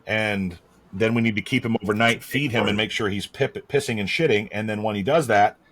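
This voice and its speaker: Low-voiced man rambling with curses. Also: brisk, fairly bright tone. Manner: rambling, profane, matter-of-fact. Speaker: podcast co-host. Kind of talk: casual podcast chat.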